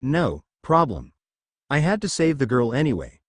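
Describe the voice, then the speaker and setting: A man's voice: mid-range voice, wildly swooping pitch, normal speed, breathy edge, no room sound. Plucky hurt teen girl hero, man reading her lines, joking thru the pain, dry sound. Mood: wry.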